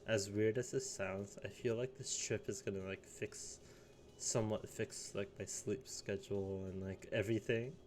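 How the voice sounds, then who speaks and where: A man's voice: fairly low pitch, steady tone, moderate pace, darkish tone, slight background noise. A young man in his late teens rambling casually in a solo vlog, full of fillers and little chuckles. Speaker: vlogger.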